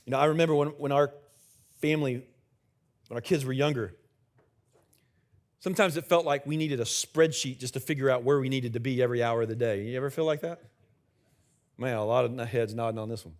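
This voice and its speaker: A man's voice: medium pitch, fairly quick, long pauses. Conversational man preaching a sermon. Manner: conversational, jokes with the congregation. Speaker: senior pastor. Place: church sanctuary with live congregation.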